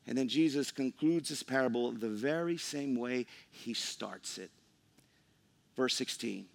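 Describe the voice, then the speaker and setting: A male pastor preaching a sermon, reading scripture and acting out the grumbling workers with animated delivery. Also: mid-range voice, unhurried, vocal fry.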